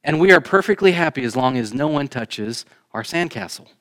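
A man preaching a sermon in a church, shifting between emphatic raised lines and quiet, conversational asides. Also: mid-range voice, animated, fairly quick. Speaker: pastor. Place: church sanctuary.

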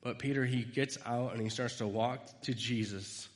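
In a large hall, a man from the United States with a steady, mid-range voice speaks at normal speed in an informal devotional sermon. He rambles through stories from his own life, acting out the lines he quotes.

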